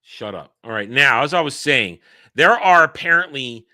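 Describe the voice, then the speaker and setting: A male streamer talks through a game trailer live, with lively ups and downs in his voice. His tone is bright and forward, and he breaks into mock outrage and swearing at his chat. It is live-stream commentary. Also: mid-range voice, normal speed. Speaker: streamer host.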